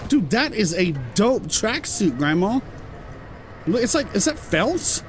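An excitable British man commenting over a video game. His voice sits high and jumps all over the place. Steady noise runs under the recording. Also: measured pace. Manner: excitable, swears when surprised. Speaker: gameplay commentator. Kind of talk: let's-play commentary.

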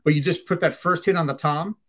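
A man's voice: a little high, quick pace, fairly bright tone, breathy edge. A man, a drum teacher, explaining rudiments in casual chat, singing out the drum patterns and using many fillers.

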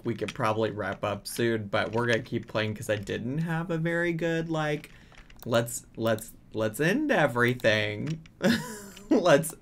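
A man's voice: mid-range voice, fairly bright tone, slight background noise. A man hosting a casual let's-play from his apartment, chatting playfully and bossing his game characters around. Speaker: gaming channel host. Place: home apartment.

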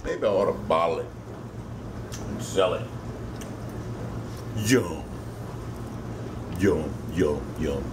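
Speaking in a bass voice, slowly and with frequent pauses, a man with a Louisiana Cajun accent hosts a casual home cooking demonstration. He's folksy and jokey and swears freely as he works, with background noise behind him.

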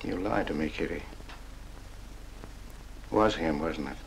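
An actor playing a meek older man in a 1940s film noir, speaking in a gentle, halting, pleading way. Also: extremely low pitch, vocal fry, a little hiss or hum, heavily acted, low-quality recording. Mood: hurt.

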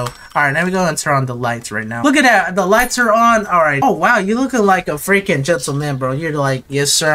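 A man's voice: on the high side, sharp tone, slight background noise. A man giving casual, rambling gameplay commentary, chatting in slang to his viewers and to the customers in the game.

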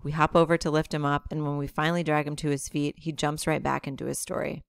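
Woman teacher reading a novel aloud to class, low voice with a gravelly edge, steady delivery. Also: quick pace, hardly any pauses, no echo. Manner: steady, plain narration.

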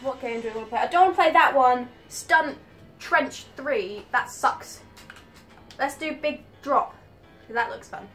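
A woman gamer giving live commentary on her own play, excitable and swearing at rival players. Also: high voice, a little slow, faint music behind.

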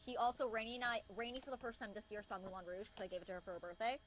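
A woman's voice: a little high, steady tone, background noise. A giggly teenage girl, an actress, chatting casually in an interview. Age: late teens. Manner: giggly, chatty, quick to laugh.

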